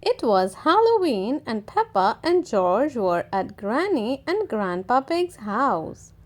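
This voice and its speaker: A woman reading a children's picture book aloud in an expressive, gently paced way. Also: a little high, slow. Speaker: storytime reader. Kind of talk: children's read-aloud narration.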